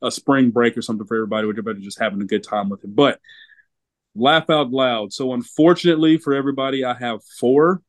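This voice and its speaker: Casual co-host reviewing a film, mid-pitch guy, rambles and repeats himself, dry close sound. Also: quick pace, dry recording. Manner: rambling, repeats words, laughs while talking. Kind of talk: casual movie review chat.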